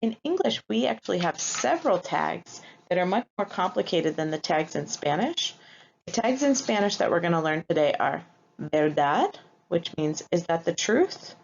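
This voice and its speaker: Lively lo-fi woman teaching a lesson. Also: lowish voice, normal speed, vocal fry, a little hiss or hum. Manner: explanatory, models example sentences aloud. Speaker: Spanish teacher. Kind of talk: recorded lesson lecture. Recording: dull lo-fi recording.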